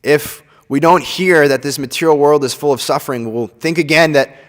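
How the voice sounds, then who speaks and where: A young man giving an earnest scripture class. He often ends his points with "right?" and acts out other people's words with sudden jumps in pitch. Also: brisk, a bit bright. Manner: acts out quoted voices with big pitch swings. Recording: long reverb from a large hall.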